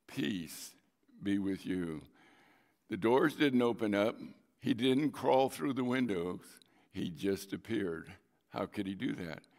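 A male preacher who talks slowly and deliberately, his low voice carrying a gravelly edge. He reads scripture with dramatic emphasis, then turns to plain, chatty explanation for his listeners. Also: darkish tone, in a large hall. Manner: slow, conversational preaching with dramatic readings. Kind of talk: sermon reading and explaining scripture.

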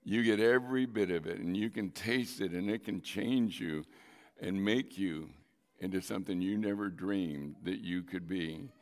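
A man's voice: deep voice, moderate pace, in a large hall. A man preaching a sermon, reading scripture aloud and explaining it in a conversational way, with dramatic readings of the quoted lines.

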